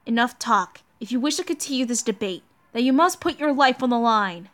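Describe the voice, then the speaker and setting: A woman's voice: fairly high pitch, lively intonation, brisk, a bit bright. A woman voicing a stern, cold male knight in a grave, formal manner while reading a game story aloud.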